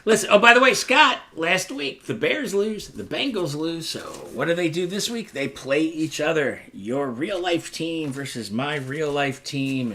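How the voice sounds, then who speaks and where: Bright guy cohosting a podcast, kinda high voice, rants and jokes around a lot. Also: a little hiss or hum. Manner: animated, rambling, ranting and joking. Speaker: podcast co-host. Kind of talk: casual chat.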